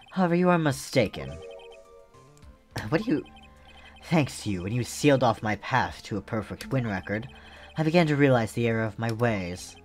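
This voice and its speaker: A man's voice: on the low side, close to an everyday voice. A man voicing a composed, proud male prosecutor who speaks in a formal, lecturing way, reading game dialogue aloud.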